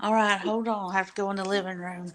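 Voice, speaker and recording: A woman's voice: mid-range voice, steady tone, quick pace, fairly bright tone. A woman on the line in a casual chat, shy and giggly, giving brief answers.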